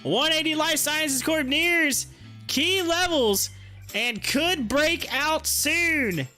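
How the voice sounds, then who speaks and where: A man's voice: very high-pitched, takes it slowly, sharp tone, soft background music. A man hosting a stock market live stream, chatting casually, rambling, teasing his viewers and laughing often. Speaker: stock market livestream host.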